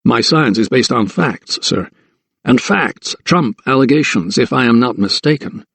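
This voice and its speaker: A man voicing a composed young doctor in an audiobook, speaking in a measured, formal way. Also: mid-range voice, animated, vocal fry, fairly bright tone, breathy edge, no echo, full character voice. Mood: measured, firm. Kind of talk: audiobook character voice.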